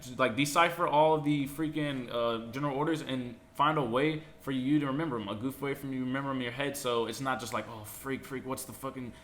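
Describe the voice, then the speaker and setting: Fast, bright-voiced young man giving advice. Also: slight background noise. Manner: fast, animated, acts out drill instructors with shrill outbursts. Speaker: vlogger giving boot camp advice. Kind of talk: casual advice to camera.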